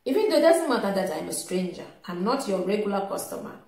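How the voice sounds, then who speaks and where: Calm woman telling a story, echoey room. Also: mid-range voice, vocal fry. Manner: calm, halting, many restarts. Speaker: vlogger telling a personal story. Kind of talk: casual storytelling. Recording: echoey room with faint music.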